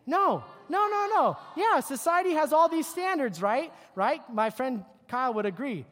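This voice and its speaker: Animated youth preacher in a big hall. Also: sits high, normal speed. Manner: animated, joking, mocks teen habits. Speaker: youth pastor. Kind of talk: youth sermon with slides. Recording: long hall reverb.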